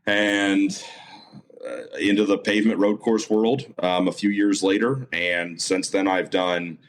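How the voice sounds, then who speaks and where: Low-voiced man telling a racing story. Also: measured pace. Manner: animated storyteller, many fillers and self-repeats. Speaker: guest, motorsport announcer. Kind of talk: casual storytelling interview.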